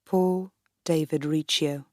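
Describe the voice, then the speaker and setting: A woman narrating a first-person story for English learners in a clear, measured way. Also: sits low, steady tone, no room sound, studio quality. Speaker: audiobook narrator.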